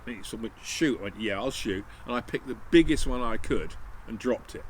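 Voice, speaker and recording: A man's voice: lowish voice, fairly quick, a little hiss or hum, poor audio. Rambling man telling a story. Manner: rambling, anecdotal, acts out dialogue with many restarts. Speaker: channel host telling a hunting anecdote. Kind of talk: casual storytelling.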